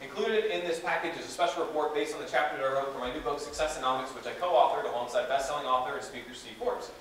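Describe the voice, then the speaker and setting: Fast-talking man in an echoey room. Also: medium pitch. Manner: energetic, conversational, many fillers and asides. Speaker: guest speaker. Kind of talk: live seminar talk. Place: conference room with an audience. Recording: echoey room from far off, faint hiss.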